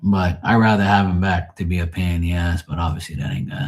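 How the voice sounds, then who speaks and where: A man's voice: sits low, fairly even intonation, fast, few pauses. A middle-aged man hosting a live tarot stream, chatting casually, telling blunt stories full of swearing and greeting viewers by name. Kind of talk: casual livestream chat.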